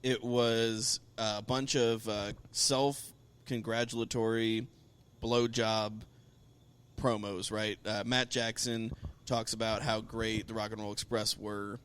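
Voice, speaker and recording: A middle-aged man co-hosting a podcast, recapping wrestling in casual, profane, animated chat. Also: fairly low pitch, slow pace, smooth. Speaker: podcast co-host.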